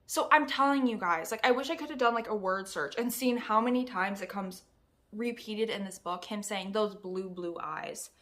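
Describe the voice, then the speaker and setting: Bright-voiced young woman ranting about a book. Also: fairly high pitch, normal speed. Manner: animated and exasperated, laughs often. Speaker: book reviewer. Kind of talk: casual book review vlog.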